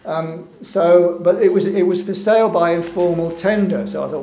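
Speaking over slides at a gallery event, this invited man talks at a normal speed with few pauses, his fairly high, darkish voice holding a fairly even intonation. His manner is hesitant, filler-heavy, wry, and full of chuckles. The recording catches room echo and a faint hum.

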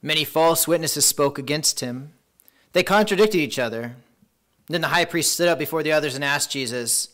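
A man preaching a sermon as pastor, reading scripture dramatically. He slows down for emphasis and drops into hushed tones. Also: mid-range voice.

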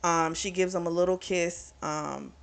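A woman's voice: lowish voice, steady tone, measured pace, creaky. A woman casually recapping a novel's plot for her book channel, talking loosely with plenty of fillers. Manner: chatty, retells scenes with lots of fillers. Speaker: book reviewer.

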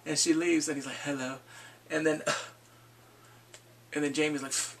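A man casually recapping a TV episode, swearing freely and jumping into quick impressions of the characters. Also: fairly high pitch, level tone, a bit bright, recorded from a distance. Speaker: TV show reviewer. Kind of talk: casual spoiler recap vlog.

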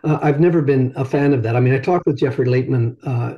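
A man's voice: medium pitch, fast talker, dull audio. An older man, an invited speaker, answering questions in a discussion after his talk, explaining thoughtfully and searching for his words.

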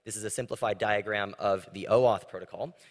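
A man's voice: lowish voice, steady tone, fairly quick. Man giving a casual technical talk. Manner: casual, conversational with frequent fillers. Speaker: conference presenter. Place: large conference room. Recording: long reverb of a large hall.

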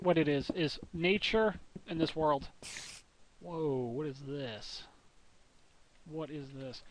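A man's voice: on the high side, slow, pauses often. Goofy rambling young man gaming. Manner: rambling, goofy, talks to himself and the viewers. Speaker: let's play gamer. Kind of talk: casual gameplay commentary. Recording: noisy home mic recording.

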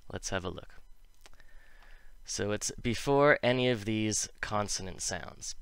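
A man with a North American accent teaching English pronunciation in a video lesson, demonstrating vowel sounds slowly and clearly. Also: low-pitched, a bit bright, no room sound.

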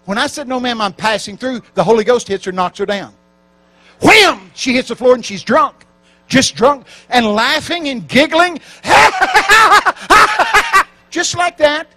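A man's voice: sits high, poor audio. A man preaching a sermon at a church camp meeting, telling stories with acted-out quotes. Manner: animated storytelling with acted quotes.

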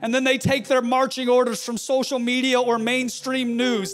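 A male pastor delivering a fiery sermon with forceful, shouted refrains. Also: very high voice, flat delivery, moderate pace.

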